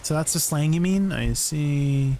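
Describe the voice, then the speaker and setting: A man's voice: fairly high pitch, lively intonation, measured pace, warm tone, slight background noise. A young man streaming a game, chatting casually with viewers, easily amused and rambling with restarts; he is not British. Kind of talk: casual live-stream chat while gaming.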